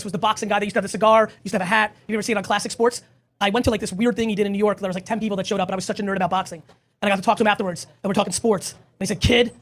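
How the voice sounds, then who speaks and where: A man hosting a live audience Q&A, answering questions in a blunt, emphatic way and swearing often. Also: high-pitched. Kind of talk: live Q&A talk.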